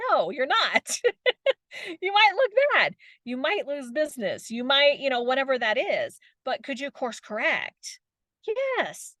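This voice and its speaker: Woman, middle-aged, motivational coach, chatty, laughs often, higher voice, dry. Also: big pitch swings, normal speed, a bit bright, dry recording. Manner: chatty, laughs often, keeps asking "right?". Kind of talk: motivational talk.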